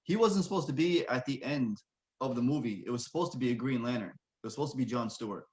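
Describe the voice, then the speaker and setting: Relaxed man explaining plot details. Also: medium pitch, fast. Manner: relaxed, explains plot points, drops quietly at line ends. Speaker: podcast co-host. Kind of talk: casual movie review chat.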